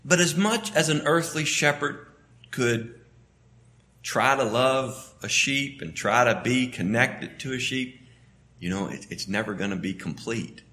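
A man from the Southern US with a Southern American accent, preaching a sermon in a conversational way, often restarting phrases and suddenly rising in pitch and volume. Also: sharp tone.

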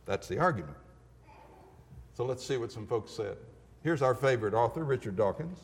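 A man's voice: medium pitch, expressive, moderate pace, pauses often. Emphatic male lecturer in a reverberant hall. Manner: emphatic, rhetorical questions. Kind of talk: classroom lecture.

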